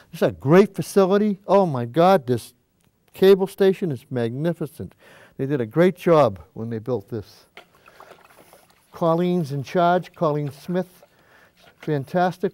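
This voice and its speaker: An older man hosts a painting show from a high school cable TV studio, his voice a little high with a dark tone and no room sound. He chats in a folksy, rambling way during this casual painting demonstration, now and then moving away from the mic to step back and view the canvas.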